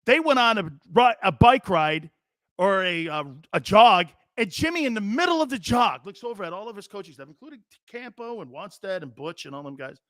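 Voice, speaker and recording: A male sports talk host with a high, bright, forceful voice, recorded close and dry. He talks in an animated, joking way, laughs often and does quick impressions of other people. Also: no echo.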